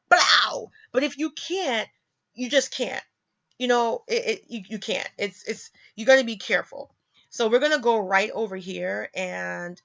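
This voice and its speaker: A woman vlogger talking casually about money and careers, emphatic and now and then sarcastic, swooping up in pitch to stress a point. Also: fairly bright tone, highs cut off. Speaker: vlogger teaching personal finance. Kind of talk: casual talk reading from websites.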